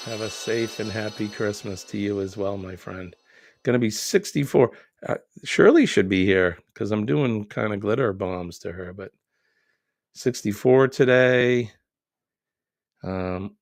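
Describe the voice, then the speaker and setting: Middle-aged male host, low and gravelly, chatty and joking, reads viewer comments, dry close sound. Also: a little slow, faint music behind, some chatter behind. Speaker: live stream host reading viewer comments. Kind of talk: casual live chat.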